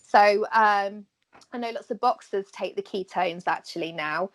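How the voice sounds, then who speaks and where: A woman chatting as a podcast guest, lively and quick to act out conversations. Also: medium pitch. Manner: animated, acts out quoted exchanges with laughter. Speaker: podcast guest, former athlete. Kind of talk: casual chat.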